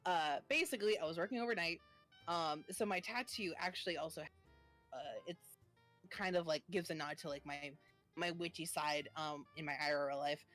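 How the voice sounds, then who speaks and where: A woman's voice: sits low, moderate pace, a bit bright, faint music behind. A woman in her twenties, a guest on a stream, chatting casually and telling a story with lots of fillers.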